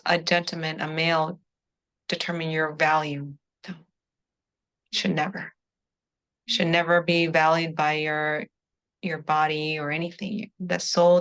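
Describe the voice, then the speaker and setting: A woman's voice: on the low side, a bit bright. A woman giving an earnest, spiritual testimonial in an interview, close to tears and often repeating "I was like.". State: emotional, near tears. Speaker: coaching client giving a testimonial.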